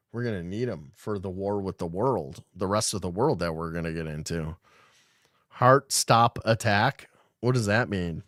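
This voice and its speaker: Deep-voiced, the male podcast host reads news pieces out loud and riffs on them in a loose, irreverent, foul-mouthed way typical of casual livestream commentary. The audio is studio quality with no echo.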